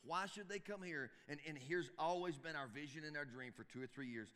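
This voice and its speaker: A man's voice: on the high side, brisk, sharp tone, clear, resonant tone. A man preaching to church volunteers in a folksy, emphatic way, often repeating his phrases. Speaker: pastor. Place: church sanctuary. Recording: long reverb of a church hall.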